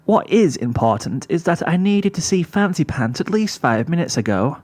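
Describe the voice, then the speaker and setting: A man's voice: fairly high pitch, big pitch swings, moderate pace, darkish tone, no room sound, pitched above the performer's own voice. A man reading a fan story, voicing a refined, theatrical adult unicorn mare. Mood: prim. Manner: refined, dramatic, says "darling".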